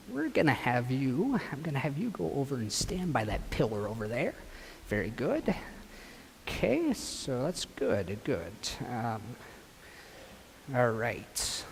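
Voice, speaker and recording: A man's voice: medium pitch, vocal fry, a little hiss or hum. A man, a priest, telling a gospel story with children acting it out, directing them as he goes. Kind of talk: children's sermon with acted gospel. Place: church. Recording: long church reverb.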